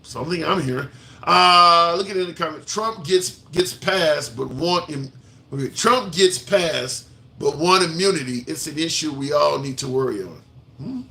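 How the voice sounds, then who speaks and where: A man with a gravelly, bright voice argues his point in a political commentary stream. He keeps asking rhetorical questions and circling back to repeat himself. His tone is forceful and edged. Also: a little high, normal speed. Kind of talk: opinion commentary livestream.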